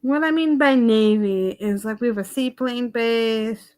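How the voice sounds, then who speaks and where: A woman chatting casually on a livestream and telling a story in an animated, exasperated way. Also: on the high side, measured pace, clean tone. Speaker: live streamer.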